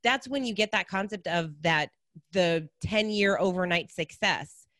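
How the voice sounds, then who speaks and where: A woman talking casually as a podcast guest, lively and given to acting out her own thoughts. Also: mid-range voice, measured pace, dry recording, clean studio sound. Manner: animated, acts out her own thoughts in quoted voices. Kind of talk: casual conversation.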